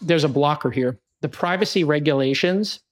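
A man's voice: on the high side, normal speed. A man from the United States, hosting a podcast and explaining his views in casual chat, full of examples and asides. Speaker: podcast host.

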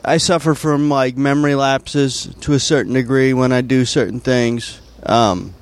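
A man, a comedian guest, talking casually and haltingly, full of fillers and restarts. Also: mid-range voice, fairly even intonation. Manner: hesitant, many fillers and restarts. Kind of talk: casual conversation.

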